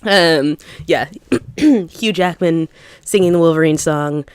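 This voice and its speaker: Woman podcast co-host, chatty and filler-heavy, low-ish pitch, dry mic. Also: slow, clean tone, no echo. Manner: chatty, lots of "like" fillers, laughs often. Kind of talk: casual chat.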